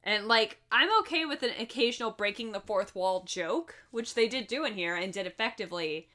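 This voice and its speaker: A woman's voice: mid-range voice, animated, fairly quick, sharp tone. A woman co-hosting a podcast, breezily recapping a film plot with frequent laughs and swearing. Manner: breezy, profane, laughs often. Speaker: podcast co-host. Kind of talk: casual movie recap chat.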